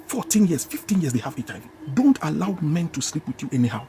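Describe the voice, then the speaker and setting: Fast, fiery Ghanaian preacher man. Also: on the high side, sing-song, warm tone, slight background noise. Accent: Ghanaian English. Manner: emphatic, repeats phrases, scolds listeners directly. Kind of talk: fiery sermon.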